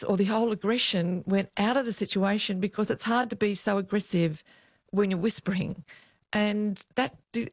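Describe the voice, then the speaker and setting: An older woman recounts her years on the beat in an animated way, jumping up in pitch to play the people she quotes. Her voice sits at a middle pitch, and the recording is dry and close. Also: no echo. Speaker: retired police officer, guest. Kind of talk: storytelling in an interview.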